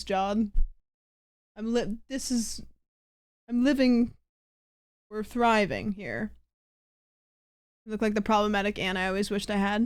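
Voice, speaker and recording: A woman's voice: fairly high pitch, clean tone, no echo, clean studio sound. A woman streamer chatting casually and playfully, giggling and swearing as she talks. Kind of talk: casual livestream chat.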